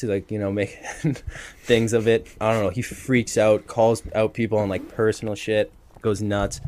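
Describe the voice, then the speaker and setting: A young man co-hosting a podcast, telling an animated story with lots of laughter and acted-out quotes. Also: on the low side, moderate pace, no echo. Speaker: podcast co-host. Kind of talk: casual storytelling chat.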